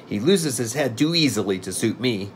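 A man's voice: medium pitch, animated, normal speed, a little hiss or hum, lightly acted. A man reading aloud and voicing a scornful, blunt living wooden sawhorse.

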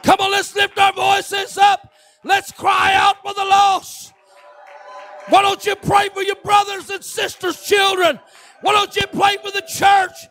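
A man preaching a fervent Pentecostal sermon in a church, shouting and urging everyone to pray. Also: very high-pitched, completely flat delivery, unhurried, gravelly. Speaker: pastor.

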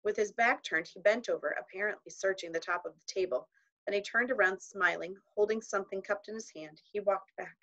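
Bright-voiced woman narrating a children's book. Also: mid-range voice, highs cut off. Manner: measured storytelling with voiced characters. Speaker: audiobook reader.

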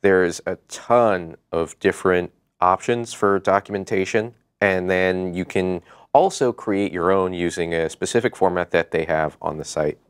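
A man co-hosting a tech show talks through web tools in an eager, easygoing way. His voice is low and smooth. The recording is close and dry, with no room sound. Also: a little slow, no room sound. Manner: enthusiastic, conversational. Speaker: co-host. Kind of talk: casual tech show chat.

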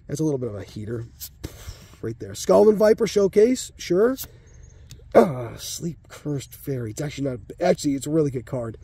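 A man's voice: fairly high pitch, mellow, slight background noise. A middle-aged man giving laid-back, slangy commentary as he opens card packs. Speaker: card pack opener. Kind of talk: casual commentary while opening packs.

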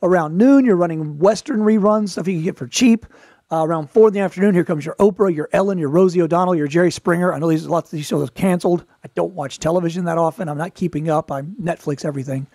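A man with a fairly high voice talks through showbiz advice in a relaxed, wry storytelling way and tosses in quick asides. The recording is dry and close, with no room sound. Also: dry recording. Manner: quick asides and playful put-on voices for quotes. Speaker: podcast host, performer. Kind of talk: casual advice talk.

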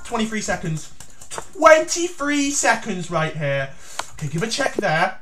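A man giving theatrical, excited commentary on his own chess game as he plays, breaking into shouts. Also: sits high, unhurried, noisy background. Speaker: chess YouTuber.

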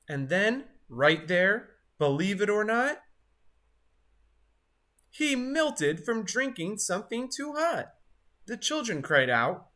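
A woman reads a rhyming children's picture book aloud in a sing-song way. She takes her time and lets her pitch rise and fall expressively. Her voice sits in a middle range. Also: sing-song, takes it slowly, fairly bright tone. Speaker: storyteller.

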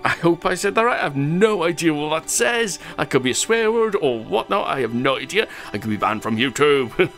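A man's voice: fairly high pitch, very animated, fairly quick, fairly bright tone, soft background music. A man hosting a gaming channel, chatting through his gameplay and reading out viewer comments, rambling a little and chuckling at his own jokes.

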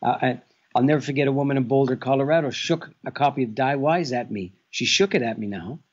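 Interview guest: man, husky and contemplative, heard over muffled remote call audio. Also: mid-range voice. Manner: measured and contemplative, with stretched pauses. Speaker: guest author. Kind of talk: reflective interview answers. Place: at home, speaking remotely.

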